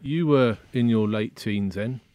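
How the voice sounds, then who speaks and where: A man, asking calm prompting questions as an interviewer. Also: mid-range voice, unhurried, dry recording.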